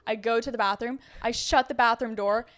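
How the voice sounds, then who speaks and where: A woman's voice: on the high side, steady tone, brisk, a bit bright. A young woman co-hosting a podcast, telling a story in casual chat, full of "like" fillers. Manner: chatty storytelling with many fillers. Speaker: podcast co-host.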